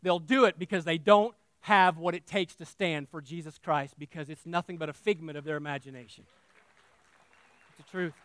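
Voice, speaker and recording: A man preaching a sermon as pastor, passionate and folksy, swinging between shouting and hushed reading. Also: on the high side, steady tone, moderate pace, no echo. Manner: folksy and emotional.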